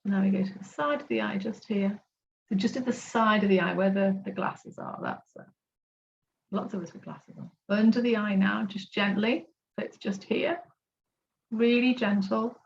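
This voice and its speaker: A woman coaching a group through tapping points on a video call, gentle and encouraging as she walks through each step. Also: mid-range voice, steady tone, normal speed, gravelly, lo-fi sound, a little hiss or hum. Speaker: self-love coach leading a tapping class.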